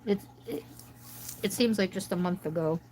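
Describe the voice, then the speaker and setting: On a low-quality recording with slight hiss or hum, this American livestream host talks at normal speed in a mid-range, somewhat mellow voice. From home, she colors while casually chatting and rambling to her viewers.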